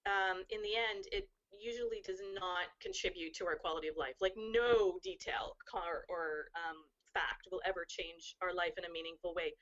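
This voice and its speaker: A woman talks through wellbeing advice in a relaxed, earnest way, her sentences running on in long flowing chains. Her voice sits at a middle pitch. The audio is a bit dull, like a lo-fi live stream. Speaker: guest speaker on wellbeing. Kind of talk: casual advice chat.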